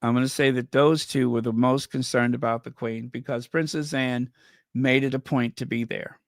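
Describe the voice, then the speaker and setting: A man's voice: medium pitch, steady tone, normal speed, vocal fry, no echo, clean studio sound. A man doing casual commentary, sarcastic and chatty, tossing out rhetorical questions and wry asides. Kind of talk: casual chat.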